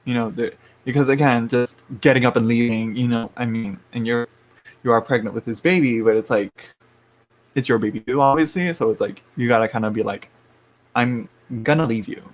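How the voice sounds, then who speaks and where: A man's voice: mid-range voice, fairly quick. A man doing a casual live-stream tarot reading, chatty and frank, laughing often and sometimes dropping to a murmur. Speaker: tarot reader.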